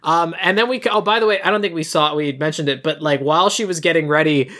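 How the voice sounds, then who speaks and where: A young woman co-hosting a podcast, chatting casually through a movie recap and slipping into quick character voices. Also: low-pitched, a bit bright. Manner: rambling, often quotes characters in put-on voices. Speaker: podcast co-host.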